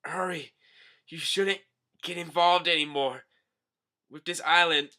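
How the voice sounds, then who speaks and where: A man's voice: a little high, fairly even intonation, measured pace, gravelly, sharp tone, voice pushed up, exaggerated voice. A man voicing a wounded but kind fishman who urgently warns his friends, while reading a comic aloud. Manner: urgent warning. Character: kind, worried male octopus fishman.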